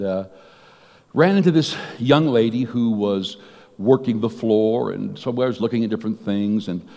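Pastor telling a story in a hall. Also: male voice, lowish voice, creaky, darkish tone. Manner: conversational storytelling, drawn-out words, repeats "I said" and "she goes". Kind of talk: storytelling sermon. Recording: long reverb of a large hall.

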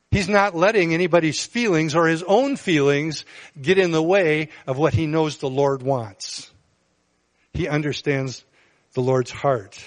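A man preaching a sermon as pastor, earnest, with bursts of emphasis. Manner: earnest, rises in pitch and volume for emphasis.

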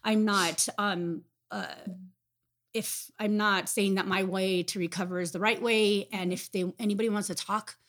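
A woman's voice: medium pitch, fairly even intonation, normal speed, fairly bright tone. A woman guest on a recovery podcast, speaking openly and enthusiastically with frequent hesitations. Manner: open, enthusiastic, hesitant with fillers. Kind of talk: casual interview chat.

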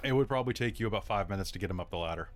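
A man running a tabletop game as storyteller, narrating with many halting fillers. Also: fairly low pitch.

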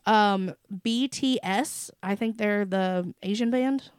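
A woman's voice: mid-range voice, slow, clean tone, dry recording, clean studio sound. A woman co-hosting a podcast in casual chat, telling stories with energy and swearing freely. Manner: animated storytelling, swears freely. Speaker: podcast co-host.

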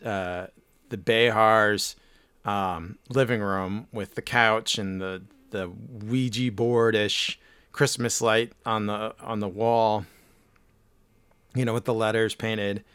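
A man's voice: fairly low pitch, fairly even intonation, slow, a bit bright, clean tone, dry recording. A man co-hosting a podcast, telling a rambling story in casual chat with lots of fillers and restarts. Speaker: podcast co-host.

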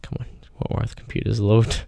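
A man's voice: lowish voice, monotone, moderate pace, vocal fry, a loud crowd. A young man hosting a college radio show from a campus studio, joking and rambling between clips. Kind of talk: casual radio chat. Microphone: studio mic.

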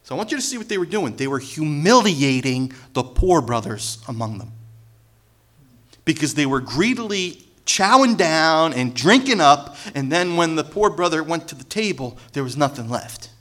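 A man preaching a sermon in a lively, conversational way, acting out quotes and building to loud emphasis. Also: a little high, moderate pace. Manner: animated, acts out quotes, jokes, rises to loud emphasis. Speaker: pastor.

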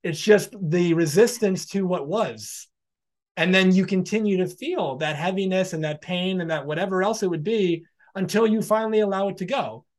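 A man's voice: high-pitched, moderate pace, darkish tone. A man hosting a podcast, reflecting in a loose conversational way on a guest's story. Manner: reflective, loose filler-heavy phrasing. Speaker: podcast host. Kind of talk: casual interview reflection.

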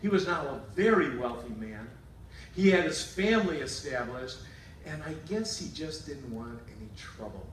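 A man's voice: mid-range voice, animated, moderate pace, reverberant, far from the mic, a little hiss or hum, poor audio. A male pastor preaching a sermon in a casual storytelling way, paraphrasing scripture and acting out quotes.

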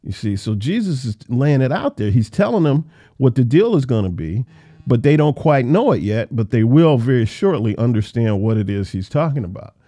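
A man's voice: medium pitch, very animated, normal speed, dark tone. A man teaching the Bible verse by verse in a conversational way, repeating phrases for emphasis.

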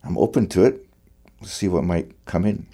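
Very low, dark-voiced male fiddler. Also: normal speed. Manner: thoughtful, searching for words. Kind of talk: conversational reflection on music.

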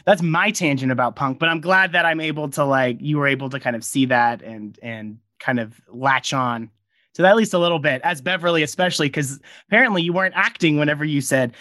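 Bright-voiced man hosting a chatty interview. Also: a little high, a little fast, dry recording, studio quality. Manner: rambling, friendly tangents with many fillers. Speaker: podcast host and audio drama creator. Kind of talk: casual behind-the-scenes interview.

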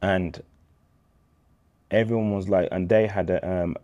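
A man in his thirties with a very low, deep voice. He tells his faith story as an interview guest, in street slang, and acts out the dialogue. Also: steady tone, measured pace, mellow, dull audio. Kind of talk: candid faith testimony.

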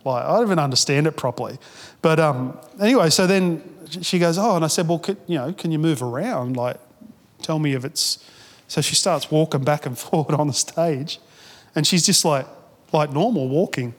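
A man's voice: fairly high pitch, normal speed, big-room sound. A man preaching a sermon as a pastor, telling stories in a casual, chatty way with restarts and quoted asides. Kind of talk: sermon storytelling.

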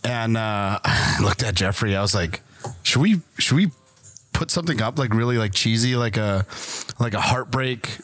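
A man's voice: lowish voice, moderate pace, hardly any pauses. A man hosting a casual podcast chat, telling a story and acting out the dialogue. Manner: animated storyteller, acts out quoted dialogue. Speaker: podcast host.

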